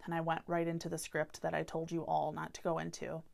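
A woman in her thirties hosts a solo podcast and speaks in a sincere, open-hearted way. Her voice sits a little low for a woman, and she talks candidly about hard feelings. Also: completely flat delivery, a little fast, gravelly, darkish tone. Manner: earnest, heartfelt and openly vulnerable. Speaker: podcast host.

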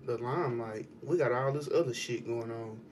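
A man with a mid-range voice chatting casually, relaxed and swearing. He sits a bit back from the mic, and faint noise fills the background. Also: medium pitch, moderate pace, far from the mic. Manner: relaxed, swearing, short reactions. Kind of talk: casual chat.

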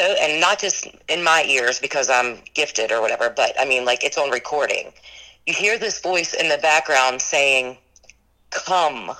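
A woman's voice: sits low, pushed and bright, poor audio. A woman who runs a ghost tour business, earnestly recounting her paranormal experiences in an interview and rambling with lots of "like" and "you know".

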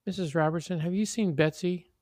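A man's voice: high-pitched, fairly even intonation, a little fast, darkish tone, no echo, clean studio sound, pitched above the performer's own voice, natural voice. A man voicing a concerned neighbor mother searching for her child in a read-aloud story.

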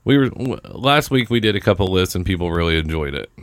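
A man's voice: deep voice, very animated, fast talker, clean tone, dry recording. A man co-hosting a podcast, chatting casually in a rambling way and trailing off mid-sentence. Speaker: podcast co-host. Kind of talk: casual chat.

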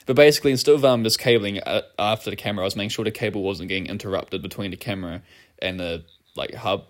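A man's voice: lowish voice, quick pace. A young man, telling a rambling, laugh-filled story in casual chat.

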